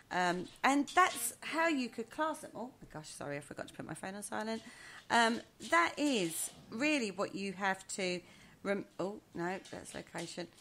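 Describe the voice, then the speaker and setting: Woman, co-host, casual chat, lively rising and falling pitch, laughs often. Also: slight background noise. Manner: animated, laughs often, leads the topic. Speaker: podcast co-host.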